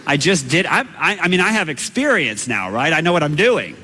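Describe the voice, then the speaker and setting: This man preaches in a high, bright voice, lively and bouncing, telling his sermon as a story and acting out his own shouts. A long hall reverb trails each line, and he talks fairly quickly with a breathy edge.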